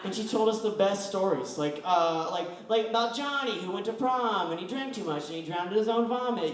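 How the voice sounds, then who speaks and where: Animated man telling stand-up stories, echoey. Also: high-pitched, brisk, few pauses, crowd noise. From West Virginia. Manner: rambling, animated storytelling with acted-out voices. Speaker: stand-up comedian. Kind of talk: stand-up comedy set. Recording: echoey room, voice from far off.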